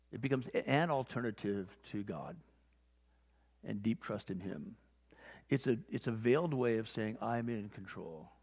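Male pastor, mid-pitched, animated storyteller; church sanctuary with long reverb. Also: gravelly. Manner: animated storytelling, acting out conversations. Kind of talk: sermon.

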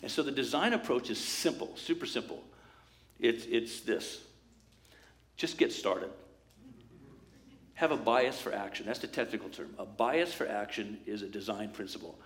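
A man preaching a sermon as pastor, in a lively conversational way, acting out quoted voices and asides. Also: on the low side, moderate pace, pauses often.

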